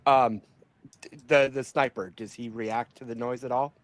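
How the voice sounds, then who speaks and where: A man's voice: mid-range voice, fairly even intonation, dry recording. Hesitant male player, dry sound. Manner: hesitant, halting. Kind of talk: tabletop game chat.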